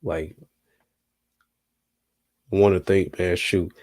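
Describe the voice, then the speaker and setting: A man's voice: deep voice, steady tone, slow, a little mellow. A young man from North Carolina telling a story on a podcast in a laid-back, slangy way with lots of fillers. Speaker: podcast co-host. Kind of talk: casual storytelling. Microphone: remote call.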